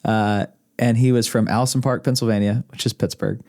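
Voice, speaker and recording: A man's voice: on the low side, fairly even intonation, a little fast, a little mellow. A man, a podcast guest telling rambling stories in casual conversation, often chuckling and restarting his sentences. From Arkansas, USA. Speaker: podcast guest, husband of host. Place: indoors, podcast studio room.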